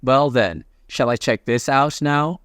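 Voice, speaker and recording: A man's voice: mid-range voice, unhurried, a bit bright, clean tone, no room sound, clean studio sound, close to an everyday voice. A man voicing a menacing male goblin fighter in a comic recap.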